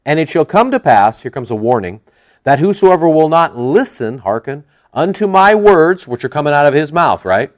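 A man teaching from the Bible in a sermon, animated and joking, acting out the people he quotes. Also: fairly high pitch, moderate pace. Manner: animated, jokey, acts out quoted voices. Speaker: preacher.

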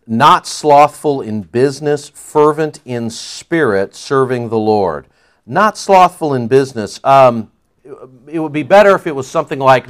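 A male pastor preaching a sermon in an animated, joking way, acting out quoted voices. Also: mid-range voice.

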